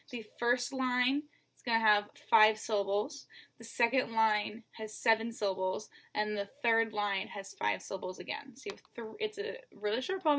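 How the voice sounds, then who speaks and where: In a recorded lesson, a woman teacher speaks straight to her students while patiently counting syllables one at a time. Her voice sits fairly high and has a fairly bright tone.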